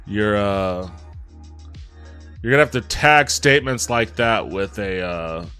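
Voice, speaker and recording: A man's voice: on the low side, slow pace, pushed and bright, clean tone, faint music behind. A man streaming a game, chatting casually and swearing freely. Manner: swears freely, rambling asides.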